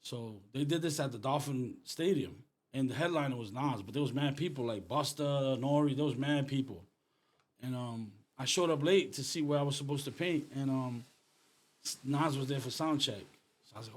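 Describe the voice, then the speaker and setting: A middle-aged man from Rhode Island chats casually as the guest and tells story after story. He talks in street slang, says "bro" and "you know what I'm saying" all the time, and his voice sits at an average pitch. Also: fairly quick. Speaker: artist, guest. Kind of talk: casual conversation.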